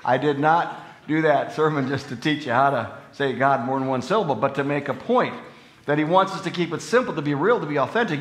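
A man's voice: on the high side, fairly quick. Earnest male pastor in an echoey church. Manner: earnest, conversational, with animated rising emphasis. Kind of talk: sermon. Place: church sanctuary.

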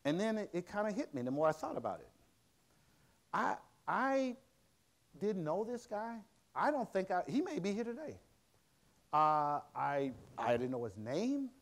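Animated male lecturer telling a story. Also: sits high. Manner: conversational, halting with frequent restarts and fillers. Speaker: museum director giving a public lecture.

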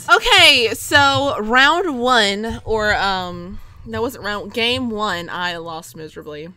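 High, lively young woman shouting over a game. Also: moderate pace, few pauses, soft background music. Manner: shouts and wails at losses, excitable. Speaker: gaming video host. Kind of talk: excited gameplay commentary.

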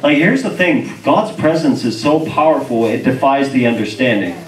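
A young man preaching in a church, telling a testimony story with animated voices and frequent laughter. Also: mid-range voice, moderate pace. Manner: animated storytelling, acts out dialogue, laughs often. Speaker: guest preacher. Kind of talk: sermon testimony. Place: church sanctuary. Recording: roomy church audio, mic far off.

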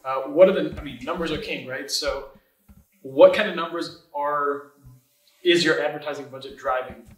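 A male podcast host asks his guest polite, structured questions. His voice sits a bit higher than most men's. He sounds distant from the mic in a roomy, echoing space. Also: moderate pace, fairly bright tone. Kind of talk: interview questions.

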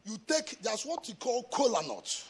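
A man from Africa preaching a sermon as a pastor, shouting in a sing-song chant with bursts of speaking in tongues. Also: extremely high pitch, very animated, normal speed, slightly rough. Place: church.

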